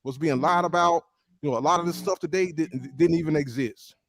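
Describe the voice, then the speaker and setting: A man speaking on a live online panel, halting and repeating words as he thinks aloud. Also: a little high, fairly bright tone, slight background noise.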